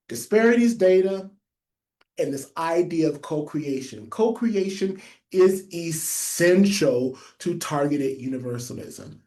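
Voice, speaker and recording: A public health trainer with a lisp giving a webinar presentation, stressing and repeating key phrases for note-takers. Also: male voice, sits high, a little mellow.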